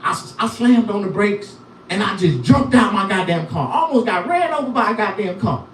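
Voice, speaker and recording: A man's voice: high-pitched, normal speed, a little hiss or hum. A middle-aged man doing stand-up comedy, telling profane, rambling stories about his life. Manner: profane, animated, repetitive storytelling. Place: live comedy venue. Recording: echoey room, from far off.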